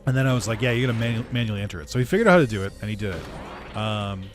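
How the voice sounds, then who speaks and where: A man, a gaming video creator, casually telling a story over gameplay, animated, swearing and laughing as he acts out what people said. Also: lowish voice, racing, soft background music.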